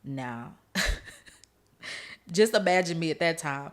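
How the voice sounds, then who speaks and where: A woman with a slightly low voice tells her own testimony on a podcast, speaking straight to her listeners. She is emotional and earnest, and she laughs through the tense parts of the story. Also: measured pace. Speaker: podcast host.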